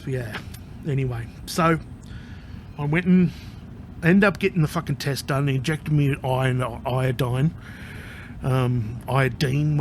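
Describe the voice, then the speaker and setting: A man's voice: mid-range voice, slight background noise. A man talking casually to camera in a rambling vlog monologue, swearing constantly as he tells his story. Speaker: vlogger.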